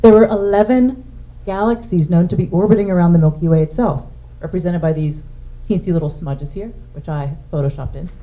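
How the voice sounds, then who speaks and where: Her pitch fairly low and her tone mellow, a woman astronomer delivers a public lecture at a fairly quick clip, gesturing at slides as she explains each stage. The recording quality is dull and lo-fi.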